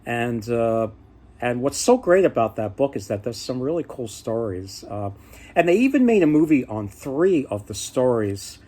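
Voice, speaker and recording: A man retells folk tales in a loose, chatty way and stops often to restart his sentences. His voice sits at an ordinary middle pitch. He sounds easygoing and unscripted. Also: big pitch swings, normal speed, warm tone. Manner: rambling, many fillers and restarts. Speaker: storyteller.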